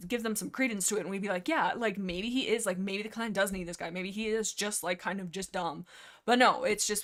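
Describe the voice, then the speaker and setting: An excitable woman rambles through a casual livestream chat, laughing often as she talks. She jumps from thought to thought and stops now and then to answer her chat. Her voice sits at an ordinary middle pitch. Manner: reads and answers chat messages. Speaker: livestream host.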